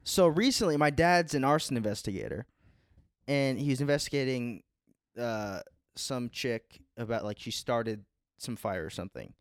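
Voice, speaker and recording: A man's voice: medium pitch, lively intonation, normal speed, no room sound. Rambling young man, dry close mic. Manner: rambling, laid-back, full of "like" and "dude". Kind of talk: casual chat.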